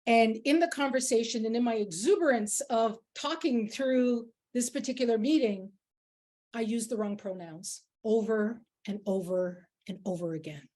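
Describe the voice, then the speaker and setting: A woman's voice: fairly high pitch, dark tone. A woman leading a workplace workshop who talks in an earnest, emphatic way and tells personal stories to make her points. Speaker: workshop facilitator. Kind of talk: workshop talk with personal anecdotes.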